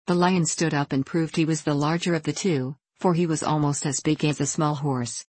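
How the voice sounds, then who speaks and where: A woman reading a storybook aloud in calm, measured audiobook narration. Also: low voice, slightly rough, no room sound. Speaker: reader.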